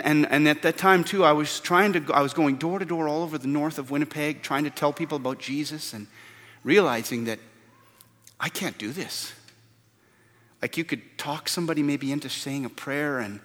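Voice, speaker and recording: Man, earnest preaching, higher pitch, reverberant church hall. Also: fairly quick, fairly bright tone. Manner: earnest, repeats words when stressing a point. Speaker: pastor. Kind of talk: sermon.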